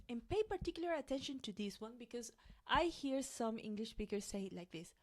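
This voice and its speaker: A woman's voice: fairly high pitch, animated, fairly bright tone. Patient woman teaching Spanish sounds. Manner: patient, models sounds slowly and repeats them. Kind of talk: online pronunciation lesson.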